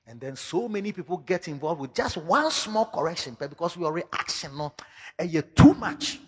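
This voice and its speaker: Pastor guy preaching, high-pitched and kinda husky, big reverb like a church hall. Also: fairly quick. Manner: animated preaching, mixing in local-language phrases, sudden shouts. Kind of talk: sermon.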